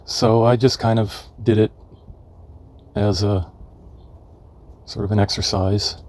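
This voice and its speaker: A man in his seventies from California, telling rambling memories of his youth, halting often as he searches for names. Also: fairly low pitch, darkish tone. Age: 70s. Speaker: memoirist. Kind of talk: reminiscing memoir narration.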